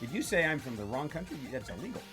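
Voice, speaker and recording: A man co-hosting a relaxed film chat, ribbing his friend with playful mock outrage. His voice is bright and swings up and down a lot. Faint music plays behind him. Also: fairly high pitch. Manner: teasing, playful, quick to laugh. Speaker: co-host. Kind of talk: casual film podcast chat.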